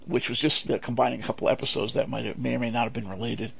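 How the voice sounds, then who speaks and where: A middle-aged man co-hosting a podcast in casual chat, animated and full of anecdotes. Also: mid-range voice, fast, creaky, slightly rough. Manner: animated, tells stories and slips into impressions. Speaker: podcast co-host. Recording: dull lo-fi audio.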